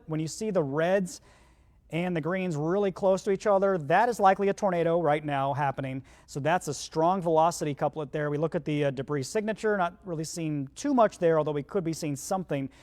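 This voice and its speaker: A man's voice: on the high side, brisk, a little mellow. A man, the chief meteorologist, giving live storm coverage as he walks viewers through radar in a conversational, urgent way, with hiccups. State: has the hiccups. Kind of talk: live broadcast weather coverage.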